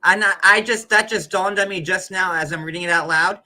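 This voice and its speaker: A chatty man hosting a casual commentary show, his voice bright and forward. He talks loosely, full of "like" and restarts, stopping often to read comments aloud in his own words. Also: high voice, brisk. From United States.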